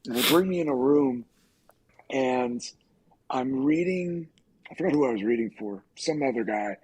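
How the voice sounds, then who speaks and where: A middle-aged man, an actor on a podcast, casually telling profane, animated stories and acting out quoted lines. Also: medium pitch, moderate pace, noisy background. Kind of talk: casual storytelling.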